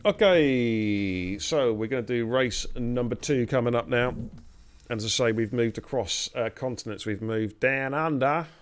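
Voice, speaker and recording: A man hosts a live sim-racing stream in a relaxed, chatty way. His pitch sits in an ordinary middle range, and he teases the drivers with easy banter. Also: moderate pace, clean tone. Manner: teasing, jokey banter with drivers. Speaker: race league host. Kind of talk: casual live-stream commentary.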